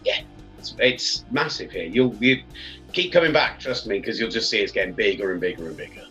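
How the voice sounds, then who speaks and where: A man's voice: on the low side, expressive, fairly quick, bright, forceful tone, faint music behind. A man, a sports radio presenter chatting enthusiastically as a podcast guest. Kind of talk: casual podcast chat. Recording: slightly dull, lo-fi sound.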